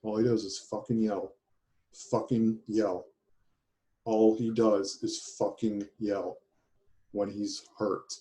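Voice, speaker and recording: A man in a tapping therapy session, venting his anger and fear in a profane, halting way with heavy sighs. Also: lowish voice, flat delivery, warm tone. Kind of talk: emotional therapy session talk.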